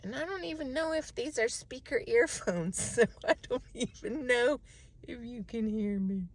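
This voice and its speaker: A middle-aged woman in a casual self-reflective monologue, animated and talking to herself. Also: on the high side, moderate pace. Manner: animated, talks to herself, mimics others' voices. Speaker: vlogger.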